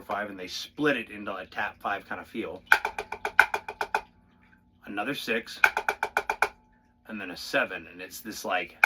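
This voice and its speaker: A man's voice: fairly low pitch, animated, measured pace, pauses often, loud music behind the voice. A male drummer talking casually through drum rudiments in a loose, profane, rambling way, stopping to count the beats aloud. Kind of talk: casual spoken demonstration. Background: drum pad playing.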